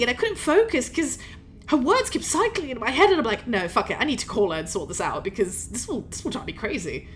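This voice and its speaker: A woman's voice: a little high, fairly bright tone, a little hiss or hum. A woman streaming a game, ranting casually and rambling in an exasperated way, with swearing throughout. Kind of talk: casual gaming stream chat. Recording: game music in background.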